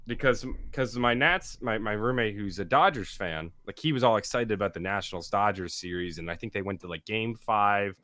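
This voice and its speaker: A male co-host chatting on a podcast, his voice fairly low but bright and forward in tone. He hesitates and restarts a lot, slipping in dry sarcastic jokes. Close mic, dry sound. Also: brisk, few pauses, dry recording. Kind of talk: casual chat on a livestreamed podcast.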